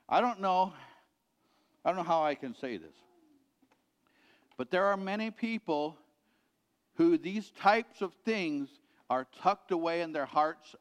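A middle-aged man preaching a sermon as a pastor, earnestly repeating his points and letting them sink to a quiet finish. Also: a little high. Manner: earnest, repetitive exhortation, dropping quiet at ends of points. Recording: reverberant hall.

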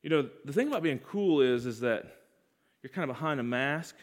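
A man preaching a sermon, leading his congregation in call-and-response with emphatic repetition, swinging between loud, raised passages and hushed, low ones. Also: animated, fairly quick. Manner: sweeping pitch and loudness swings between loud highs and hushed lows.

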